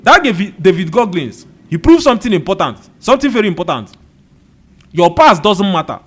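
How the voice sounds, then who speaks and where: The pitch is high and swings widely, the delivery brisk, the tone fairly bright. It comes from a motivational video host with a Nigerian accent, whose monologue fires rhetorical questions and repeats key phrases in an indoor room with a running fan.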